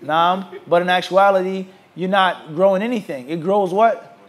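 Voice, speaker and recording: A man with a fairly high voice gives a religious lecture to a class. He keeps pausing to ask the students to finish his sentences. He turns animated when he mocks the views he argues against. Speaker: Islamic teacher.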